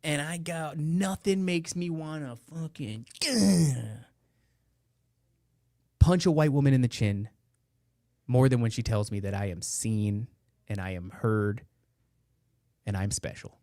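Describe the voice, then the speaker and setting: A man hosts a live podcast in a loose, rambling way, full of profanity and sarcastic rants. His voice sits in a middle pitch. The sound is dry and close, with no room echo. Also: measured pace, warm tone. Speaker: podcast host. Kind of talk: casual live podcast chat. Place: indoor room beside a meeting room. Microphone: headphones and close studio mic.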